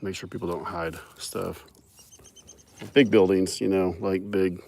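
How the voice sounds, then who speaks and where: Gravelly man chatting to his cattle. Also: deep voice, fairly even intonation, a little slow, darkish tone. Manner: chatty, joking, talks to the animals. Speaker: livestreamer on a farm. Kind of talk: casual live-stream chat. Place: outdoor cattle pasture.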